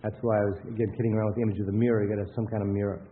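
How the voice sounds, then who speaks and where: A man's voice: fairly low pitch, flat delivery, racing. A man giving a lecture with anecdotes in a rambling, conversational way, often restarting his sentences. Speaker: workshop lecturer. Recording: tinny phone-like sound with faint hiss.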